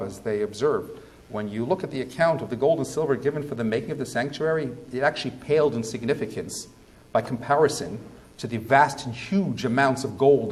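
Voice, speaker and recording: Rabbi preaching with rhetorical questions. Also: male voice, mid-range voice. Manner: swings between quiet and loud. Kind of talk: sermon.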